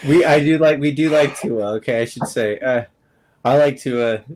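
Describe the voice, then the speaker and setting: A man with a medium-pitched voice trades jokes in a casual football podcast. He laughs easily and ribs his friends with good humor. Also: a little mellow, poor audio. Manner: joking, quick to laugh. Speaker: podcast co-host. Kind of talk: casual sports chat.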